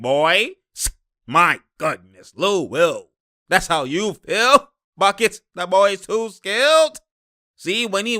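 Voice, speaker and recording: A young man giving a casual basketball breakdown over game highlights. He is excitable, laughs often and keeps repeating his catchphrases. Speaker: basketball commentator.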